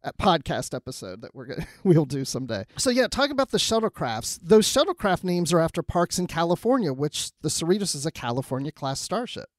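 Excitable podcast co-host, higher-pitched man. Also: brisk, few pauses, no echo, clean studio sound. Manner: excitable, animated, laughs often. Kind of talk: casual review chat.

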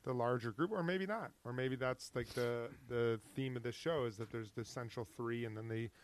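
A man's voice: medium pitch, moderate pace, slight background noise. A man co-hosting a podcast in casual chat, rambling and hesitant with many restarts. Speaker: podcast co-host.

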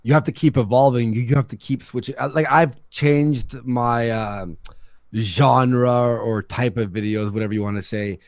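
Man, mid-pitched, rambling, halting guest on a stream call, dry sound. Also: steady tone, no room sound. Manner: rambling, halting, restarts a lot. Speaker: guest youtuber. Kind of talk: casual livestream chat.

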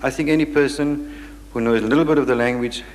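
A man's voice: mid-range voice, steady tone, fast. A man chairing audience questions after a lecture, firm and insistent, cutting in to keep order. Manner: firm, insistent, interrupts speakers. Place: large lecture hall. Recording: long hall reverb.

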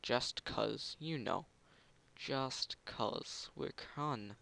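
A man's voice: medium pitch, extremely slow, gravelly, bright, forceful tone. A man giving casual commentary over a video game, muttering to himself, humming little tunes and bursting into gloating. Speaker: gameplay commentator.

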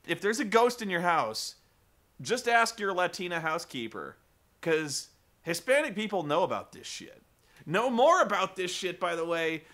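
A man vlogging a casual, profane rant about a film, rambling and animated with lots of swearing. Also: on the high side.

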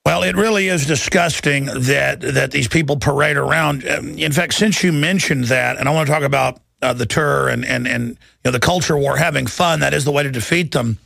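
A man's voice: medium pitch, a little fast, vocal fry, hardly any pauses, fairly bright tone, no room sound. A man hosting a talk radio show, urgent and restless, piling up restarts as he pushes from one point to the next.

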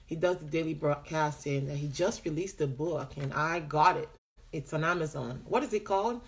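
A woman preacher opening a live broadcast. She greets her viewers by name one after another, sounds excited and laughs often. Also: sits low, normal speed.

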